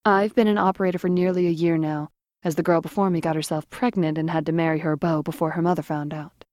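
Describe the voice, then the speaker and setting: A woman narrating a first-person story with dramatic, expressive delivery, dropping to a whisper in tense moments. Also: mid-range voice, dry recording, clean studio sound.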